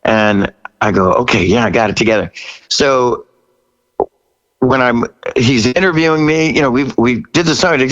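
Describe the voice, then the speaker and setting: A man in his sixties, a rock singer as a guest, telling a story in a casual interview, laughing often and jumping high when he quotes himself. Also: normal speed, a bit bright, rough recording.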